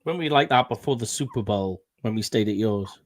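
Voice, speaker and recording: Welsh guy on a fan podcast, cheeky, likes to wind people up. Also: fairly low pitch. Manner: quick, cheeky, likes winding friends up. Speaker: podcast co-host. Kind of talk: casual fan podcast chat.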